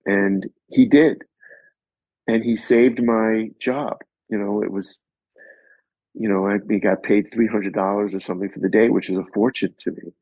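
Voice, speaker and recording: A man being interviewed as a guest actor, telling animated stories and acting out other people's voices. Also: on the low side, normal speed, no room sound. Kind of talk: anecdotal storytelling. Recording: slightly muffled recording.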